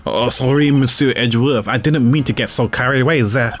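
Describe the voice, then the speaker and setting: A man putting on an excitable French-accented young man. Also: mid-range voice, brisk, slight background noise, lightly acted. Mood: eager. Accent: put-on French.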